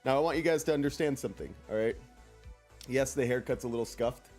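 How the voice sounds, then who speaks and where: A man's voice: mid-range voice, fast, a little mellow. A young man streaming a game, chatting casually with his viewers, joking around and reading out chat messages in silly voices. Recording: faint music behind.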